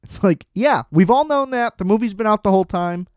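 Male podcast host, sarcastic exasperated rant, slightly high pitch, dead dry room. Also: expressive, brisk, clean tone, no echo. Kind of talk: casual ranting commentary.

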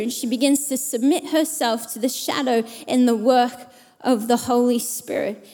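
Woman, preacher, high voice, lively jokey sermon, emphatic repetition, long hall reverb. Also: normal speed. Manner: lively, jokey storytelling with repeated emphatic phrases.

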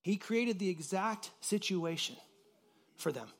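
A man preaching a conversational sermon, casual and animated, acting out the voices in the story and leaning on fillers. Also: high voice, measured pace. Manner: uses many fillers like "like". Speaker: pastor.

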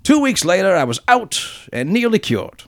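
A man doing a wry, rambling British letter writer with a voice that swings high and low all through. The comic put-on accent is laid on thick and stays fairly high. The sound is dry and close. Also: sing-song, moderate pace, a bit bright, dry recording, heavily acted. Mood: mock-pompous. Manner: comic exaggerated reading voice. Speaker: podcast co-host reading a listener email.

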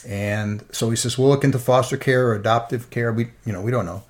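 A man's voice: medium pitch, fairly even intonation, brisk. Earnest middle-aged man telling a story. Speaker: interview guest. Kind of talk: personal faith testimony.

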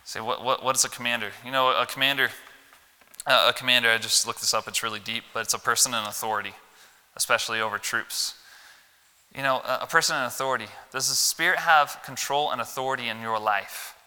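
Man preaching, Midwestern accent, very bright smooth voice, long church reverb. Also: fast. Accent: Midwestern American. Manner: animated, folksy, swings from loud emphasis to low asides. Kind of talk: Wednesday church sermon. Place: church sanctuary.

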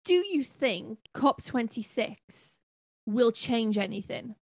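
A woman's voice: a little high, lively intonation, slow pace, no room sound. Impassioned, chatty woman. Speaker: podcast co-host. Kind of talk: casual podcast chat.

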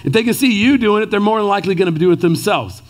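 Male pastor, 30s, chatty animated sermon style, high and very expressive pitch. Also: fast. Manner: animated, conversational preaching with many "right?" asides.

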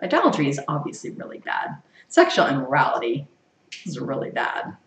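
A woman teaching a Bible study to a group, lively, quizzing her listeners and laughing often. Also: very deep voice, brisk. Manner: animated, asks the group questions and laughs often. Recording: echoey room, far from the mic.

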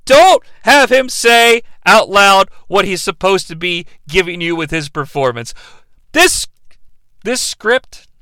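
A man rants sarcastically and profanely as a podcast host reviewing a bad movie. His voice sits high and sounds bright and smooth. It is recorded close on a studio mic in a dry room. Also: dry recording.

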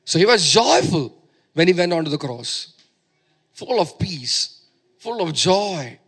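Guy preaching a sermon, kinda high voice, hammers the same lines over and over. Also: big pitch swings, takes it slowly, fairly bright tone, slightly rough. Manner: emphatic, repeats phrases for stress.

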